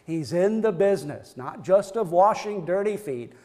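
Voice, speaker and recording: A man's voice: high voice, expressive, normal speed, darkish tone. A male pastor delivering a fervent sermon, building emphasis through repeated phrases. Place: church sanctuary. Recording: long reverb of a church hall.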